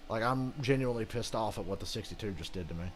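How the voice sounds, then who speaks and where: A man's voice: lowish voice, fast talker, a little hiss or hum. A man giving casual, rambling gameplay commentary as a channel host, ranting and swearing freely.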